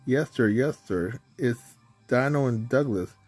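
Male reader voicing an anxious small steam engine, hesitant and deferential, husky tone. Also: mid-range voice, measured pace, darkish tone, faint music behind. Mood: nervous. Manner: hesitant, anxious, keeps saying sir.

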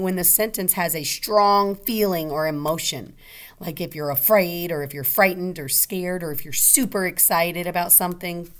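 A woman's voice: on the low side, fairly bright tone. A woman teaching kindergarten, speaking patiently and stretching out example sentences word by word for the children to copy. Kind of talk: slow children's lesson.

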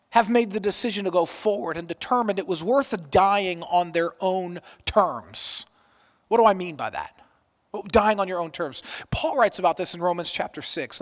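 A man preaching a sermon with energy, swinging between loud exclamations and soft, quiet passages. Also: very high voice, in a large hall. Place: church auditorium.

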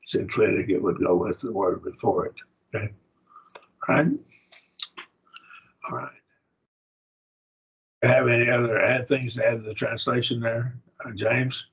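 A man's voice: medium pitch, fairly even intonation, a little slow, long pauses, fairly bright tone, slightly rough, lo-fi sound. A man with an Oklahoma accent teaching a Bible class in a classroom, talking casually and quizzing his students.

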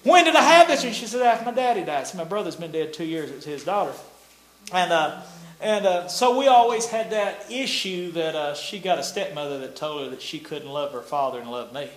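An older preacher whose voice is on the high side talks at normal speed, telling a folksy testimony within a sermon. He laughs and uses nonstandard grammar, and the room has an echo.

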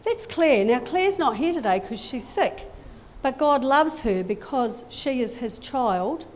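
A middle-aged woman giving a children's talk in a church service, animated and full of questions to the children. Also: sits high, unhurried, a little hiss or hum.

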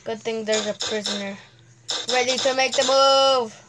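A woman giving casual gameplay commentary, excitable, humming suspense sounds and talking to the characters on screen. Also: on the high side, moderate pace, very noisy. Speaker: gamer host.

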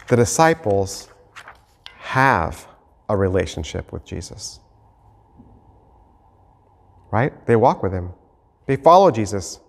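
A man preaching a sermon as pastor, reading scripture and then acting out the scene with lively shifts of voice. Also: fairly low pitch, vocal fry. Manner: animated, acts out the disciples and Jesus in quick voices. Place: church sanctuary. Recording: long hall reverb.

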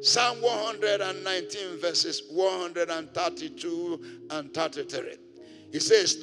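A male pastor leading a congregation in prayer with a fervent sermon, swinging from loud pleading to hushed murmurs. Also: sits high, slow pace, faint music behind.

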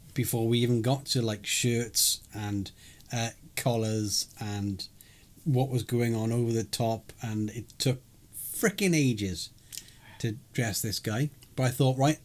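A man's voice: medium pitch, a little mellow. A man co-hosting a podcast, recapping a live role-play event in casual chat, rambling and chuckling with many fillers. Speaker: podcast co-host.

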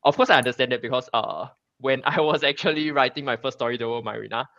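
A man from Singapore chats as a guest comic creator, chatty and loose, full of fillers and restarts. His voice sits at an ordinary pitch. The call audio is dry and dull, with a lo-fi sound. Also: fast, gravelly, pushed and bright, no echo. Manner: chatty, many fillers and restarts, laughs often. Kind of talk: casual interview chat.

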